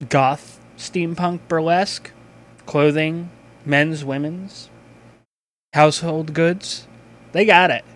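A man hosting a podcast, chatting casually and reading sponsor spots in a loose, profane, excitable way. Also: on the high side, takes it slowly, long pauses. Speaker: podcast host.

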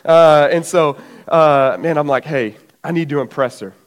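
Animated young man telling a story from the pulpit. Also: on the high side, normal speed. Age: 20s. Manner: animated storyteller, acts out the voices of family. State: out of breath. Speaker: preacher. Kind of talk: sermon with personal story.

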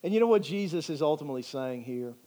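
A high-voiced male pastor delivers a sermon. He speaks earnestly and emphatically and drives his points home by repeating phrases. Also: animated, fast, warm tone.

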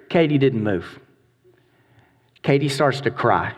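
A middle-aged man preaching a sermon, telling a story with animated delivery and acted-out voices. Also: medium pitch, a little slow, long reverb tail, muffled recording. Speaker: pastor.

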